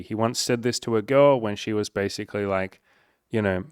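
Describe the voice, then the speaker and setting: A man's voice: fairly low pitch, moderate pace, clean tone, dry recording, clean studio sound. A man talking as a dating coach in a casual confessional vlog, candid and profane, speaking straight to his viewers.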